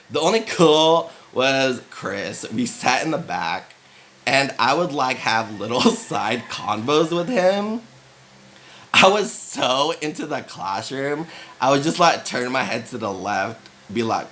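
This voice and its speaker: A man's voice: medium pitch, animated, takes it slowly, bright, forceful tone, rough recording. A young American man telling a rambling comic story in casual chat, full of "like" fillers and laughs.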